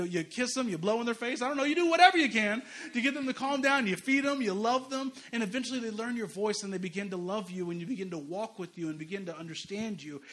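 A middle-aged man preaching with a high, bright voice. He rattles along quickly and acts out the voices he quotes with energy. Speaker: pastor. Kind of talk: sermon.

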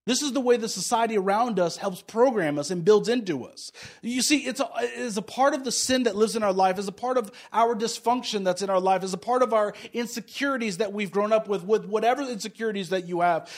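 A man preaching a sermon in a conversational way, repeating key phrases for emphasis and dropping into quiet asides. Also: high voice, brisk, hardly any pauses. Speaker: pastor.

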